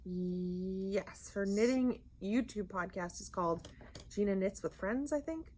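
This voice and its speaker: Animated storytelling woman podcaster. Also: a little slow, a little hiss or hum. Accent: Rhode Island. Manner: animated storyteller, acts out quotes with big pitch jumps. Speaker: podcast co-host. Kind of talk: casual chat.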